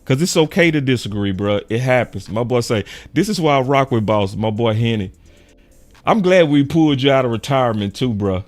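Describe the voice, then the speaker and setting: A young man hosting a sports show in casual, animated chat, full of slang and quick laughs. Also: medium pitch, faint music behind. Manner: animated, slangy, laughs often, quotes fans in raised voice.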